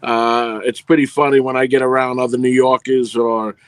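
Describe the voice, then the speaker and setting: A man with a New York accent, a film producer guest on a video call, speaking in a measured way with many pauses and uh's. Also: mid-range voice, level tone, clean tone, no room sound. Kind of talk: casual interview chat.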